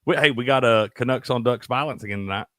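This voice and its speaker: A man's voice: mid-range voice, fast talker, no room sound, studio quality. A man co-hosting a casual sports betting chat, cursing freely and laughing often. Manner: profane, animated, laughs a lot. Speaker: sports betting show co-host.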